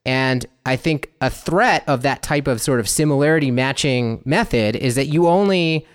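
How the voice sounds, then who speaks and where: A man's voice: mid-range voice, normal speed, clean tone. A man co-hosting a casual discussion podcast, thinking aloud with plenty of fillers and acting out little inner voices. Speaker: podcast co-host.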